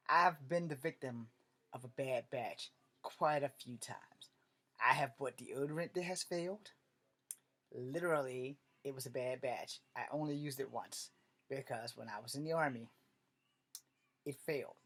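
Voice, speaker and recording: A man telling comic stories straight to camera in an animated, joking way, with a lot of cursing. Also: mid-range voice. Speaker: vlogger. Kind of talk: comedic storytelling rant.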